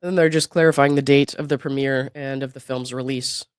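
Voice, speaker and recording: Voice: medium pitch, fairly even intonation, brisk, smooth, no echo. A host reading out a legal deposition, voice worn down by illness. Quotes both sides evenly, then cuts in with doubtful remarks. The sound is dry and close, with no room around it. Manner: reads quotes evenly, breaks in with skeptical asides and laughs. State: sick, voice not at its best. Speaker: legal commentary channel host. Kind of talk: reading a deposition transcript aloud with commentary.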